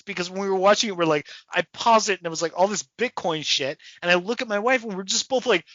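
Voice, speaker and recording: A man co-hosting a podcast in casual chat, animated and profane, acting out voices as he tells a story. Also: high-pitched, fast, hardly any pauses, no echo, low-quality recording. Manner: animated, swearing, acts out people's voices. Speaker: podcast co-host.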